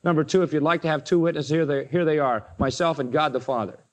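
A male preacher with a high-pitched voice delivers a sermon. He retells the story dramatically, lifting his voice to act out the opponents. For the weightiest lines he sinks low and quiet. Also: fast. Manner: dramatic retelling, acts out the Pharisees in a raised voice.

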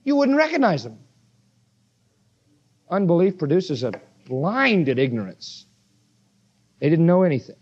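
A man's voice: fairly high pitch, big pitch swings, measured pace, long pauses, a little mellow, lo-fi sound. A man preaching a sermon verse by verse, emphatic and full of rhetorical questions.

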